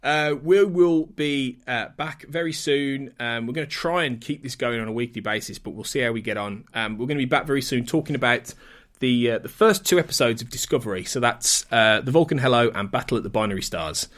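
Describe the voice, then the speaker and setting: A man's voice: medium pitch, a little fast, fairly bright tone. Chatty enthusiastic male podcast host. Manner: chatty, enthusiastic, restarts often. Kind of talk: casual podcast chat.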